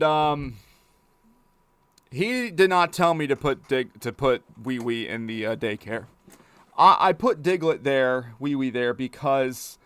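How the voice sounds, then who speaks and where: Slow, hesitant man narrating gameplay. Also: mid-range voice, a bit bright, smooth, no room sound. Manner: hesitant, stammers and repeats words. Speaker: gaming video host. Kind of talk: casual gameplay commentary.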